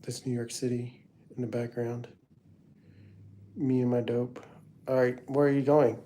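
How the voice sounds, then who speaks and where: A man's voice: medium pitch, little pitch movement, measured pace, mellow, a little hiss or hum. A middle-aged man hosting a casual livestream, rambling through family photos and chatting to viewers by name. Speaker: livestream host.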